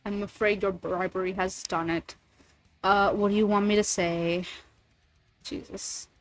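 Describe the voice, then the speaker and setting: A woman's voice: medium pitch, little pitch movement, a little slow, no echo. A woman streamer chatting casually and rambling, swearing freely between thoughts. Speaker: streamer and voice actor. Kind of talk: casual livestream chat.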